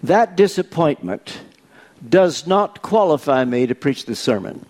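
An older male preacher delivers a sermon in a slightly high voice. He speaks slowly and takes his time with each story. His humor is dry. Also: very animated, darkish tone.

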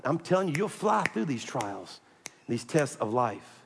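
A man preaching a sermon, animated and joking, pressing his points hard and calling out to the congregation. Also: medium pitch, measured pace, vocal fry, big-room sound, background noise. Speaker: pastor.

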